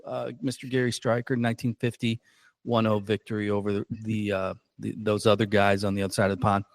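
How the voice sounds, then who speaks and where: A man hosting a casual podcast in a slightly low voice, rambling through his points with plenty of fillers. He is self-deprecating and loose, recorded close on a dry mic. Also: dry recording. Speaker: podcast host.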